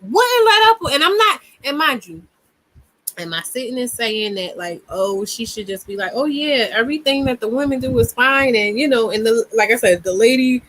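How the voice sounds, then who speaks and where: A woman's voice: a little high, lively intonation, moderate pace, a bit bright, poor audio. A woman hosting a casual commentary, reacting to a clip and reading comments aloud, emphatic and given to repeating words mid-thought.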